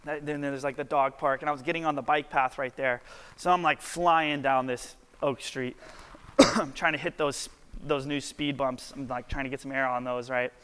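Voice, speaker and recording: A man's voice: medium pitch, steady tone, normal speed, pushed and bright, smooth. A man in his twenties, a worship pastor telling a story in a casual, chatty sermon full of filler words. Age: 20s. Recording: long hall reverb.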